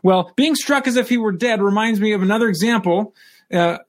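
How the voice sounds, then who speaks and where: Guy teaching a scripture class, reads verses then explains, kinda high voice. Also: brisk, no echo, studio quality. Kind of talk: scripture study lesson.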